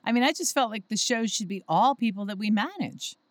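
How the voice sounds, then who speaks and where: A woman telling animated, laughing stories in casual chat, acting out what people said. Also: a little high, a little fast, no room sound, clean studio sound. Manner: animated storyteller, acts out quotes, laughs often. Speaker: comedy club manager, podcast guest.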